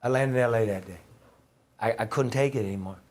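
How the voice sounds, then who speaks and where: A middle-aged man with a lowish voice and a quick pace tells heartfelt stories as a guest. Once a newspaper reporter, he rambles emphatically in a conversational storytelling manner.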